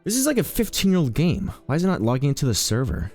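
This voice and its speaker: A man's voice: a little high, very animated, fast talker, darkish tone, soft background music. A man streaming a game, chatting casually in a rambling, joking, self-mocking way. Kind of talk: casual live-stream commentary.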